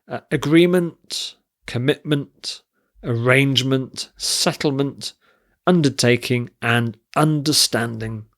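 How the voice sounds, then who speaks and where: A man's voice: medium pitch, fairly bright tone. A man teaching an English vocabulary lesson, listing word forms and reading example sentences carefully. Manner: slow, deliberate, spells out word forms and stress.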